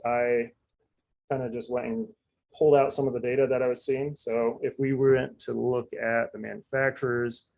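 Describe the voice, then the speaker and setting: A man's voice: mid-range voice, little pitch movement, normal speed, creaky, a little mellow, poor audio. A man giving a casual live coding demonstration, chatty and loose, full of fillers and asides. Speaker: presenter.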